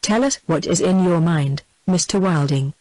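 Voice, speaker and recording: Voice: mid-range voice, moderate pace, darkish tone, no echo, natural voice, poor audio. A reader voicing a youthful, uncertain duke in a storybook. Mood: approving.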